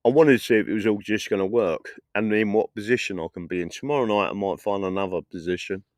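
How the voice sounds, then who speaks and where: A man's voice: fairly low pitch, fast talker, no room sound. A middle-aged man from England chatting on a casual livestream outdoors at a festival, rambling through stories, swearing and laughing at his own jokes. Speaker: political livestreamer. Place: outdoors at a festival field in the evening.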